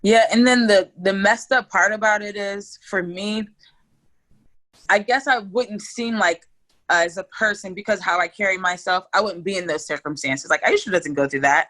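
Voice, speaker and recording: A hyped woman chatting as a guest on a podcast, with a bright, sharp edge to her voice. She tells her stories in an animated, fast-moving way. She keeps things loose and casual and swears without holding back. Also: medium pitch, low-quality recording.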